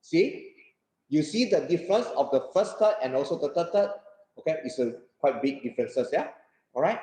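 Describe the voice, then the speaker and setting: Male corporate trainer, Malaysian English accent, lively lecturing, keeps checking in, fairly high voice, echoey room. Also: normal speed. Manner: animated, laughs often, keeps checking in with the audience. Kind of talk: workshop lecture.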